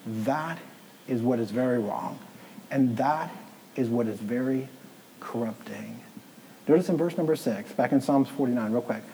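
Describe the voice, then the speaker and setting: A man's voice: mid-range voice, normal speed, dark tone, slight background noise, poor audio. A man preaching a sermon as pastor, stressing points with repetition and sometimes dropping to a near-whisper. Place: church in Southeast Dublin.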